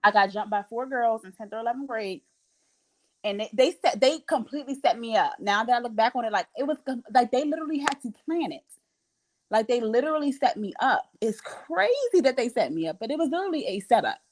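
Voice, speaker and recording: Animated young woman telling a story. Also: a little high, fairly quick, poor audio. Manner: animated, acts out quoted voices. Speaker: podcast host. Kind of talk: casual storytelling chat.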